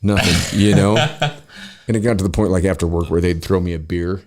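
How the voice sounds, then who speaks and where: A man's voice: deep voice, brisk. A man hosting a podcast, telling a story in casual, profane talk and acting out the people he quotes. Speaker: podcast host.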